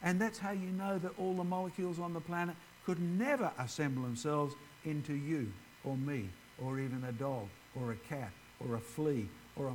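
A man's voice: a little high, a little mellow, slight background noise, poor audio. A man giving an informal ministry presentation, chatting directly with his audience. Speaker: creationist ministry speaker.

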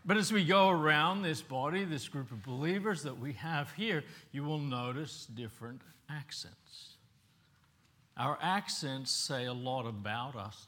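A middle-aged man who grew up in Papua New Guinea preaches a storytelling sermon in a slightly high, fairly bright voice. He keeps it conversational and poses questions to the congregation.

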